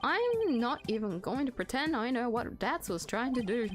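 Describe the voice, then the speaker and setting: A young woman streams a story game, reading its dialogue aloud and cutting in with swearing and quick reactions. Her voice is high and very lively, swinging widely in pitch. Gentle music plays under her. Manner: animated, swears, laughs often, reads character lines aloud. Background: soft background music.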